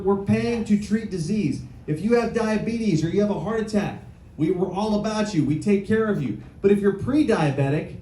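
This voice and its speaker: A man with a high voice rallies a crowd in an indoor meeting room, hammering his points with short repeated lines and questions thrown at the audience. The sound is echoey, with a faint hiss behind it. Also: dark tone. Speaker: political candidate. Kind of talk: campaign stump speech.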